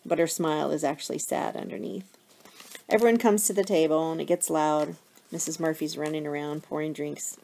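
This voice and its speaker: A woman teacher reads a novel aloud to her students, telling the first-person story with expression. Her voice is lowish and gravelly. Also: steady tone, brisk, darkish tone. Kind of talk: reading a novel aloud to a class.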